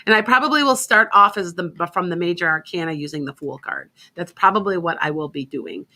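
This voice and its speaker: Rambling woman psychic host, bright forceful voice, casual radio chat, keeps restarting sentences. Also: on the low side, brisk. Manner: chatty, rambling, self-interrupting.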